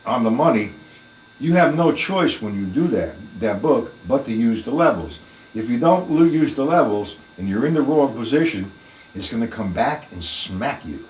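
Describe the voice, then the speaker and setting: A man's voice: mid-range voice, lively intonation, moderate pace, darkish tone, reverberant, recorded from a distance, slight background noise, low-quality recording. A man teaching a live online drum lesson, plain-spoken and emphatic, talking through the strokes as he plays them in his practice room.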